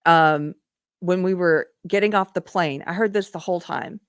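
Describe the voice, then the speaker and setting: A woman host speaking in an earnest, conversational manner, often doubling back and restarting her sentences. Her voice sits a little low. The sound is close and dry, with no room echo. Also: moderate pace, clean tone. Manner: earnest storytelling, lots of restarts. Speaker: podcast host. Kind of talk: casual live-stream monologue.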